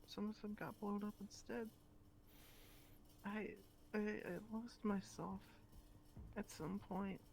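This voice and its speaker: A woman's voice: mid-range voice, steady tone, slow, vocal fry, pauses often, a little mellow. A woman playing a nervous suspect in a roleplay, stammering and hesitating under questioning. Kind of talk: in-character roleplay.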